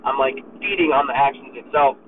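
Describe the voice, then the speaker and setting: A man's voice: mid-range voice, brisk. A man hosting a podcast, talking in a casual, profane and fired-up motivational monologue while driving. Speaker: podcast host. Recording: tinny phone-like recording with faint road noise.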